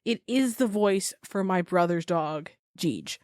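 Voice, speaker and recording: A woman's voice: on the low side, animated, takes it slowly, a little mellow, no room sound, studio quality. A woman co-hosting a podcast in casual chat, blunt and sarcastic, with frequent swearing. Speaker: podcast co-host.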